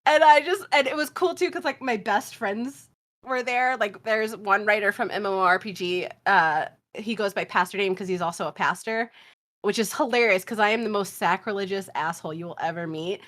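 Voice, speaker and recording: A woman from the South, a podcast guest telling long, animated stories in casual chat and swearing freely. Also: mid-range voice, brisk.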